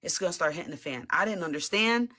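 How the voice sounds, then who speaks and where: Woman, guest testimony, lower pitch, animated storytelling, frequent laughter. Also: quick pace. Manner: animated, laughs often, repeats words. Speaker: interview guest giving testimony.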